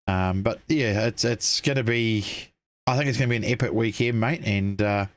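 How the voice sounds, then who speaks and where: A man's voice: fairly low pitch, moderate pace, no room sound. A New man co-hosts a casual online show, talking loosely and filling gaps as he goes. His voice is recorded close and dry, with no room around it. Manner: relaxed, rambling with fillers. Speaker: co-host. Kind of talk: casual livestream chat.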